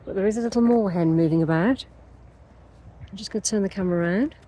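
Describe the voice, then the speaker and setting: A woman talks casually to camera in a chatty, rambling way. She often turns to the viewer with asides. Her voice sits at a middling pitch. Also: fast, mellow, slight background noise. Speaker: lifestyle vlogger. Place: at home showing a book, later outdoors in a park.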